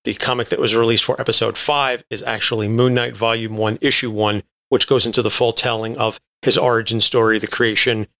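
A man speaking as a guest on a casual podcast, measured and thoughtful. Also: medium pitch, level tone, bright, forceful tone, no echo.

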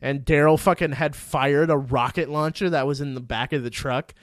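Excitable, swearing male podcast host. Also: on the high side, moderate pace, dry recording, studio quality. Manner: profane, excitable storytelling recap; acts out quotes with sudden loud yelps. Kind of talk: casual chat.

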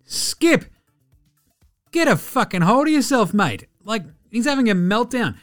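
An Australian man hosting a casual sports podcast, excitable and mocking, swearing freely as he rants. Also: very high voice, unhurried, dry recording, studio quality, soft background music. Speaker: podcast host.

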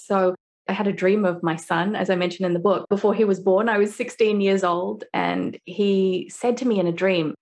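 Animated woman author telling stories. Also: medium pitch. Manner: animated storytelling, laughs often. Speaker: author guest. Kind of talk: conversational interview.

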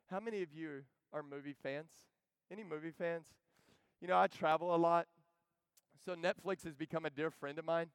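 A man preaching a sermon, swinging from loud urging to hushed storytelling. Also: on the high side, steady tone, normal speed, clear, resonant tone, no echo.

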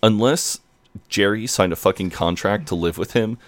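Low-voiced man, casual podcast chat. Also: moderate pace, no echo. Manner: loose and profane, retelling scenes line by line. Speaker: podcast co-host. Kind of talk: casual chat recapping a TV episode.

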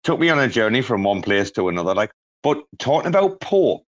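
A man chatting as a guest on a podcast, rambling with lots of restarts and growing excitement. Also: medium pitch, a little fast, lo-fi sound. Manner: rambling and enthusiastic, many restarts. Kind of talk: casual podcast chat.

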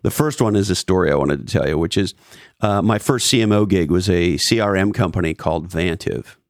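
Gravelly, low-voiced man telling stories. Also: brisk, no room sound, clean studio sound. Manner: profane, animated storyteller who mimics others. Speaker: guest, former marketing executive. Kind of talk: casual podcast storytelling.

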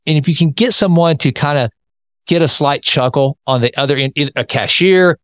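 A man hosting an interview in a casual, chatty way, telling anecdotes and talking in quick bursts. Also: a little high, no echo, clean studio sound. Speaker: interview host.

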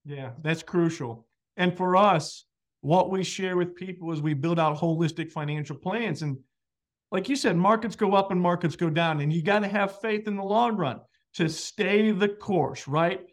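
Podcast host guy, fairly high voice, earnest and reflective, agrees a lot. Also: normal speed. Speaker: podcast host, financial advisor. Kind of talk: podcast interview chat.

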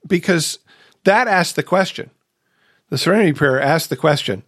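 A man's voice: a little high, lively intonation, normal speed, pauses often, fairly bright tone, no echo, studio quality. A man hosting a recovery podcast in casual chat, telling a personal story earnestly and asking rhetorical questions. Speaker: podcast host.

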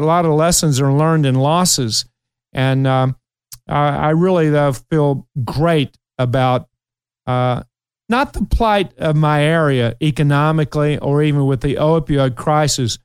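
In clean, dry studio audio, a middle-aged man with a Kentucky accent speaks at a fairly high pitch. He hosts a casual radio talk show, recounting emotional stories with lots of fillers.

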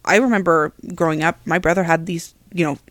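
Brief: mid-pitched conversational voice, supportive listener, dry close sound. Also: steady tone, brisk, fairly bright tone, no echo. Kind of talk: casual chat.

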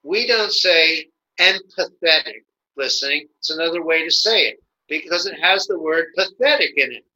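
A man with a high-leaning, expressive voice, pushed and bright, speaks as a guest in a conversational interview. He teaches nonviolent communication and explains haltingly, with many restarts and acted-out examples; there's slight background noise and poor audio.

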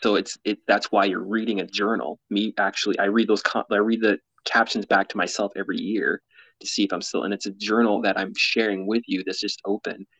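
A man's voice: on the low side, little pitch movement, a little fast, fairly bright tone, breathy edge, dry recording, rough recording. A man being interviewed as a mountaineer and explorer, speaking candidly in an earnest, rambling way and laughing often. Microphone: podcast mic, camera off.

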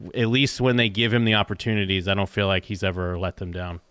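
A man's voice: deep voice, flat delivery, fast talker, a bit bright, smooth, no echo. A man co-hosting a casual podcast recap, rambling with frequent restarts and casual swearing. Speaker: podcast co-host.

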